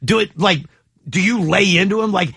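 A male radio host chatting with callers in a joking, animated way, often pausing to find his words. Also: high-pitched, breathy edge, no echo, clean studio sound. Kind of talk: call-in radio chat.

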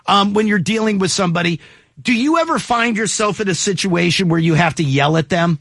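A man hosting a call-in radio show. He has a high, very lively voice with a gravelly, husky edge and a bright, forceful tone, recorded dry and close. He jokes with callers and gropes for words as he talks. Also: fairly quick, dry recording.

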